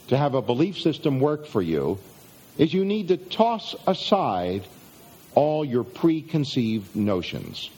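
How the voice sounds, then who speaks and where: A middle-aged man giving a motivational self-help talk, speaking in measured phrases that draw out key words and trail down at the ends. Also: medium pitch, a little mellow, breathy edge.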